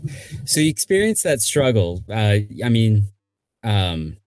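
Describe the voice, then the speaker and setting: A man interviewing a guest in casual conversation, halting and restarting as he forms his questions. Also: fairly low pitch, big pitch swings, darkish tone, no echo, clean studio sound, soft background music. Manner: halting, many fillers and restarts.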